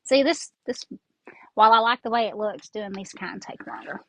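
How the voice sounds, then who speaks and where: Recorded in low quality on an earbud mic with slight background noise, a congested Southern woman hosts a rambling, casual craft tutorial while working with her hands. Her mid-range voice is expressive, a bit bright and moderately paced, with some vocal fry.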